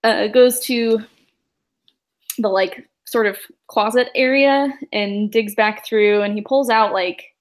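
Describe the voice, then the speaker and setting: A woman runs a tabletop game, narrating in a casual, rambling way. She uses many fillers and laughs as she goes. Her voice is mid-pitched. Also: slow pace. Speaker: game master.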